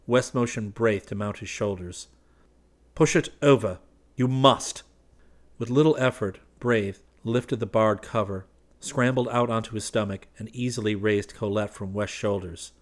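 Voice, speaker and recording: Male audiobook narrator, lowish, measured delivery. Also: fairly even intonation.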